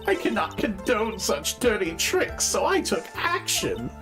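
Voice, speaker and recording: A woman voicing a nosy, gossipy old woman in a game voice-acting session, talking with bossy excitement. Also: mid-range voice, a little slow, music in the background, voice pushed up. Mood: gossiping. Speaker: game voice actor.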